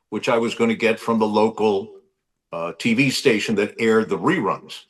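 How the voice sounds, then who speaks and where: A man, a podcast guest, telling a story in a casual, unhurried way. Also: fairly low pitch, far from the mic, low-quality recording. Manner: slow, lively storytelling.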